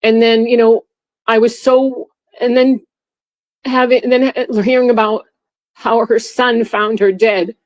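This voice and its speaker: A middle-aged woman, a former airport security officer, recounting a painful memory in a halting way with many restarts. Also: a little high, flat delivery, rough recording. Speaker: interview guest, former TSA officer. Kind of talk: emotional personal recollection.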